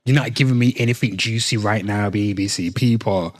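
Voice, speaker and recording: Low-voiced British man reading with swearing asides. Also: a little fast, no room sound, studio quality. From Britain. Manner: reads aloud with asides and swearing. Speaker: commentary host. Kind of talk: casual reaction commentary reading an article.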